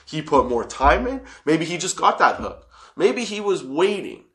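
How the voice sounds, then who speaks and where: A man's voice: a little high, very animated, a little slow, a bit bright. A man in his thirties telling a workplace story as a casual monologue, swearing freely and laughing often.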